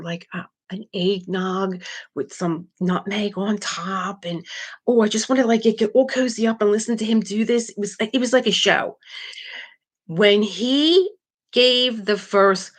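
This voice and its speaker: A middle-aged woman hosting a live craft stream, chatting casually and animatedly, reading viewer comments aloud and laughing often. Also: medium pitch.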